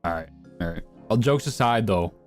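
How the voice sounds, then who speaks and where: A man's voice: lowish voice, expressive, normal speed, soft background music. A young man live streaming, answering chat with crude, provocative, slang-heavy banter.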